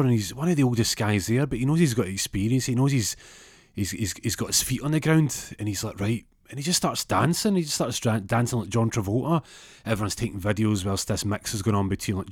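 A man's voice: medium pitch, no room sound, clean studio sound. A man telling a rambling comic story, full of fillers and repeated words. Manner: rambling, lots of fillers and repeats, acts out other voices.

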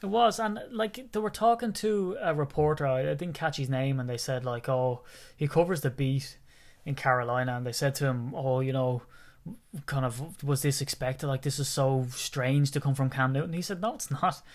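A man co-hosting a casual podcast chat, telling stories with jokes and laughs in an animated way. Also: mid-range voice, moderate pace. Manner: joking, animated storytelling with laughs. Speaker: podcast co-host.

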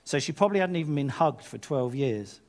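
A man preaching a sermon, retelling scripture in a lively paraphrase with casual asides. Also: mid-range voice, a little fast. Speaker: pastor.

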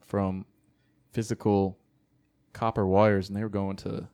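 A man chatting casually as a podcast co-host, telling jokes with a deadpan delivery. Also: on the low side, a little slow. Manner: deadpan, joking. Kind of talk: casual banter.

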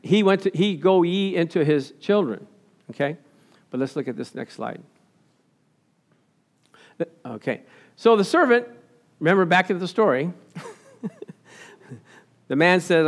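High-voiced, lively preaching pastor. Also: male voice, takes it slowly, pauses often. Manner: animated, asks the congregation questions and answers them; laughs often. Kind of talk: sermon with slides.

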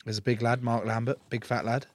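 A man's voice: mid-range voice, little pitch movement, brisk, dry recording. A man in his thirties with a southern English accent, a guest in a studio interview, bantering cheekily with mock indignation and swearing freely. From England. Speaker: interview guest, rugby player.

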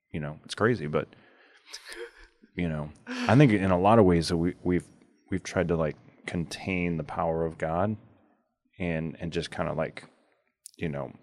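A man's voice: deep voice, a little mellow, no room sound. A man hosting a podcast in casual chat, telling stories loosely with many filler words. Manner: rambling, full of filler words. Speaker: podcast host.

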